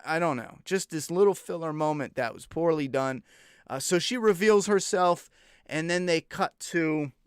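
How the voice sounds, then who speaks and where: A man's voice: fairly high pitch, smooth, dry recording, clean studio sound. A young man reviewing a TV episode in an exasperated, incredulous rant, swearing freely. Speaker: TV show reviewer. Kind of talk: casual profane review rant.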